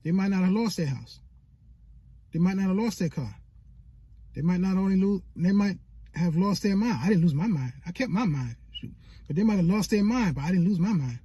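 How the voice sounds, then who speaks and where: A man delivers a preacher-like pep talk to new creators, hammering his points through repetition. His voice sits high and a little husky. The sound is dry and close to the mic. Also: expressive, a little fast, mellow, no echo. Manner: preacher-like, repetitive and emphatic, acting out inner doubts. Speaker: YouTube coach.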